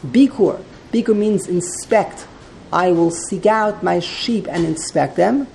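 A woman's voice: on the low side, slow pace, creaky, darkish tone, a little hiss or hum, rough recording. A woman teaching a text study class, explaining and translating line by line and often wandering into side points.

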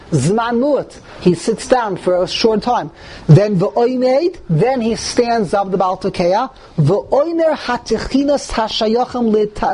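A man with a notably high voice leads a lecture for a live group, reading passages aloud and breaking them down with lively emphasis. His delivery is animated and insistent. A faint hum of background noise sits under his voice. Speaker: religious teacher.

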